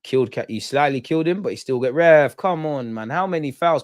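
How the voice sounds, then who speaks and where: A young man hosting a live football watch-along, chatting casually, reacting to play and reading out comments, sometimes muttering and sometimes shouting at the referee. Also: a little high, brisk, no echo, studio quality. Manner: animated, swings from muttering to shouting at the ref.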